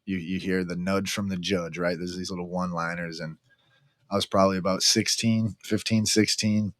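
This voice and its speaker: Middle-aged man, deep monotone voice, frank, profane, casual storyteller. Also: normal speed, no room sound. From Massachusetts, near Boston. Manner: frank, profane, says "man" after almost every phrase. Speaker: guest in recovery.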